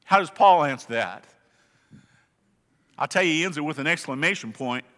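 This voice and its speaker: A man's voice: a little high, animated, moderate pace, bright, forceful tone. A man preaching a sermon in a church, talking conversationally and with emphasis, often asking the congregation questions. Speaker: pastor. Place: church sanctuary. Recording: long reverb of a large hall.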